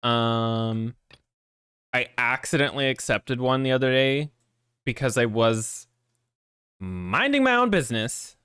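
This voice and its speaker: A man's voice: medium pitch, lively intonation, unhurried, long pauses, a bit bright, clear, resonant tone, no echo, studio quality. A man streaming a video game who talks casually, swears freely and trips over hard names. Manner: rambling, profane, stumbles over names. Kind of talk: casual gameplay commentary.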